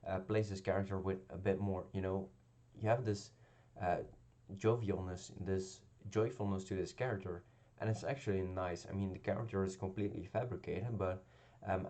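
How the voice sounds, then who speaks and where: A man's voice: sits low, darkish tone. A man giving a casual spoken review of a television episode, talking hesitantly with many ums and restarts. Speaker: video reviewer.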